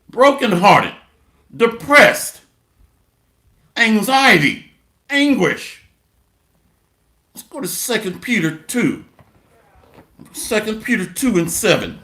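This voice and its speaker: A man's voice: high voice, sharp tone, roomy sound. A man preaching a sermon and reading scripture aloud, in a blunt, mocking way.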